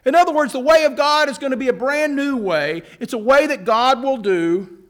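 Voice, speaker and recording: A man with a strikingly high voice preaching a sermon. He leans on key words, slows down to stress them and repeats phrases for weight, then slips into relaxed, chatty asides. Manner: earnest, with drawn-out emphasis and repeated phrases; informal asides with a self-correcting laugh. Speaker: pastor.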